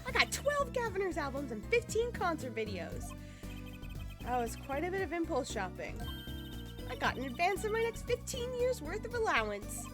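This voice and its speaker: A woman's voice: very high voice, very animated, normal speed, over music, voice pushed up. A woman voicing a bubbly, cheeky teenage girl magician, reading game dialogue aloud in a perky, playful way. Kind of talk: game dialogue read-along.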